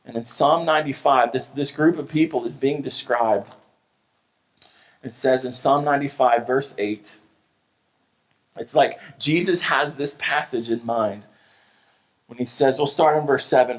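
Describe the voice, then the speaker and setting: A man's voice: mid-range voice, unhurried, pauses often, rough recording. Earnest American man preaching a sermon. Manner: earnest, emphatic preaching with repeated restarts. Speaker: pastor. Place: church sanctuary.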